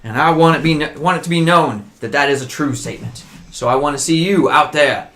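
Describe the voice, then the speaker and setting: A man's voice: a little high, brisk, fairly bright tone, close to an everyday voice. A man voicing a pompous, blustering small-town mayor and father with a put-on Southern drawl. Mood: grandiose.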